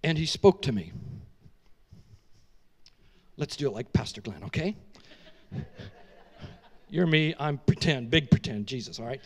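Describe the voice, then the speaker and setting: A middle-aged male pastor preaching a sermon as a story, animated and emotional, with casual asides to the congregation. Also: medium pitch, unhurried, long pauses.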